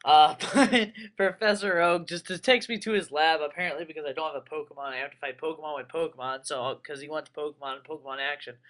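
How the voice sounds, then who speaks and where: A young man giving casual, rambling commentary on a game he plays, excitable and full of crude jokes. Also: on the high side, quick pace, few pauses. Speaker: let's player.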